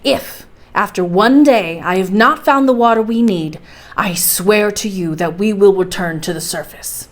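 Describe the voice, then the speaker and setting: A woman voicing a stubborn, fearless older male professor in a storybook reading, speaking in a forceful, commanding way. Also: medium pitch, natural voice. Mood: persuasive. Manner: forceful and commanding, slowing to insist.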